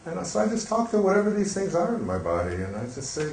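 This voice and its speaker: An older man telling a story on stage in a gentle, reflective way, pausing with fillers. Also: high voice, wildly swooping pitch, creaky. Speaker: speaker on stage. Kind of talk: storytelling talk. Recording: echoey hall, faint hiss.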